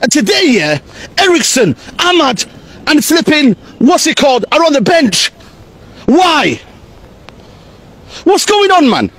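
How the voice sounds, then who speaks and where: A man's voice: extremely high pitch, huge pitch swings, slow, long pauses, a bit bright. A man ranting outdoors as a football fan. He talks in exasperated bursts and uses a lot of slang. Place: outdoors in the rain.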